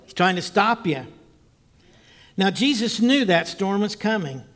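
Animated man preaching a story sermon. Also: sits high, measured pace. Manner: animated storyteller, loud bursts and soft asides.

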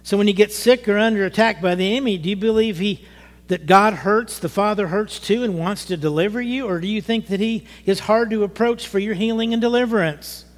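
A middle-aged man preaching a sermon to his church, animated, rising to emphatic bursts. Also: sits high, brisk. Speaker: pastor. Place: church sanctuary. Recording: long hall reverb.

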